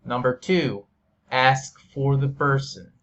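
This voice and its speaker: A man teaching English, slowly drilling example phrases and repeating them for the listener to practice. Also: medium pitch, a bit bright. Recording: dull, lo-fi sound.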